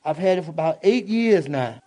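A man giving a fervent preaching testimony in church, casual and repetitive, swinging from hushed asides to loud exclamations. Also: fairly high pitch, expressive, brisk.

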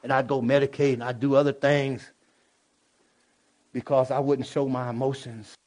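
A man giving a fervent preaching testimony in church, casual and repetitive, swinging from hushed asides to loud exclamations. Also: mid-range voice, level tone, moderate pace.

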